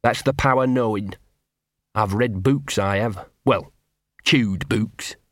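Scruffy talking dog played by a male narrator, nervous and wordy, bit higher than plain speech, dry booth. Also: takes it slowly, no room sound. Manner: rambling, ungrammatical street talk, repeats himself.

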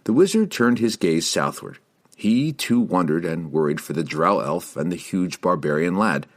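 Deep-voiced guy reading a fantasy audiobook, lots of ups and downs in his voice. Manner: measured, expressive storytelling. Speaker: audiobook reader. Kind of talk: scripted fantasy novel narration.

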